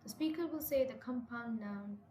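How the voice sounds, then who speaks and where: A woman with a slightly high voice walks learners through textbook exercises, repeating and rephrasing each instruction and correcting her own slips. Her voice rings in an echoey room, with clear noise underneath. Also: normal speed, warm tone. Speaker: English teacher. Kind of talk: classroom lesson walkthrough.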